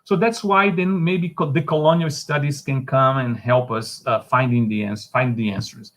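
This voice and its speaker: Male lecturer, Brazilian accent, Portuguese native; a slightly high voice, halting delivery full of restarts. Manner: halting, many restarts, discursive. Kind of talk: academic online lecture.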